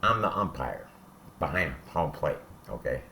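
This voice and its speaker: A bass-voiced ex-convict, animated but a little slow, with a bright and forceful tone, recounts his prison days against slight background noise. The storytelling is casual, coarse and straightforward, and he keeps tossing in "all right?"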